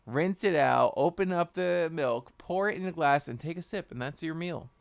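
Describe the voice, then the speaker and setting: A man co-hosting a casual podcast, joking in a deadpan way and often breaking into laughter. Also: a little high, moderate pace, creaky, clear, resonant tone, no echo. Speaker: podcast co-host.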